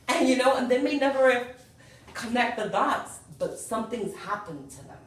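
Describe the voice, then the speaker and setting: A woman's voice: a little high, lively intonation, moderate pace. A woman giving a spiritual lecture to a group, earnest, often checking in with "yes?" and "you know". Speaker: spiritual teacher. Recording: very echoey room, far from the mic.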